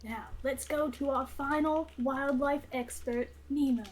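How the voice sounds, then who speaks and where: High-voiced woman in a hushed mock Aussie drawl. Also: steady tone, a little slow, rough recording. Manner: hushed put-on Australian slang. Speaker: tabletop game player.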